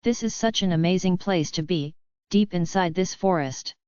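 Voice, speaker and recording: A woman voicing a young woman, the hero's kind girlfriend, speaking in a warm, easygoing way. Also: fairly low pitch, moderate pace, smooth, no room sound, natural voice. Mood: casual. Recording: dull lo-fi audiobook recording.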